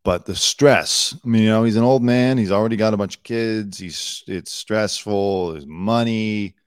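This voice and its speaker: Male gossip-news host, sarcastic and blunt, somewhat low voice, dry close sound. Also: normal speed, clean tone, dry recording. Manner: blunt, sarcastic, swears casually. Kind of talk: casual news commentary.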